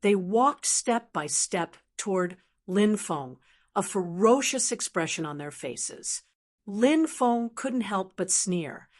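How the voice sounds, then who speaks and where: Female audiobook narrator, steady even read of a fantasy novel, mid-pitched voice. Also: takes it slowly. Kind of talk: scripted narration.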